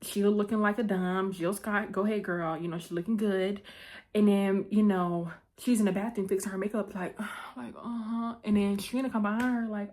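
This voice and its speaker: A woman hosting her vlog, recapping a movie in a breezy, chatty way, full of quick asides and "okay?" check-ins. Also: mid-range voice, fairly even intonation, darkish tone. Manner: breezy and playful, with asides and quick self-corrections. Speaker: vlog host. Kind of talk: casual chat movie recap.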